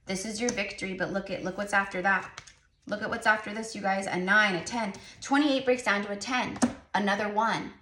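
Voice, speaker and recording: Woman, tarot reader, chatty, encouraging, mid pitch, echoey, distant mic. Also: fairly bright tone. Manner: earnest, repetitive, encouraging, chatty. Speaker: tarot reader and psychic medium. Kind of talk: spiritual tarot reading to camera.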